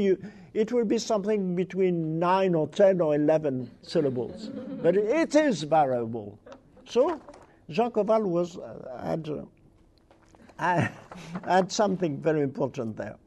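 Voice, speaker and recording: A man delivers an academic lecture in English, his high voice mellow and dark in tone. He speaks slowly and haltingly, pausing to search for the right words.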